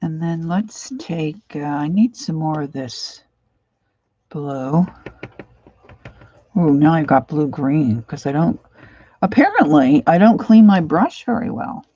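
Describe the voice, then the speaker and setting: A woman's voice: deep voice, expressive, takes it slowly, pauses often, no room sound, lo-fi sound. A middle-aged woman from Pennsylvania with a Pennsylvania accent, chatting casually and rambling as she paints on a livestream. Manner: chatty and rambling, warmly nostalgic asides. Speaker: art livestream host. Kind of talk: casual chat while painting.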